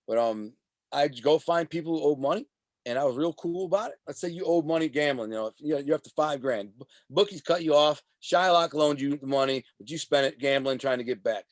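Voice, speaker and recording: Animated man telling street stories, slightly high. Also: a little fast, no room sound. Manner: animated, profane street talk; acts out voices of the people in his stories. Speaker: former mob associate telling his story. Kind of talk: casual storytelling interview.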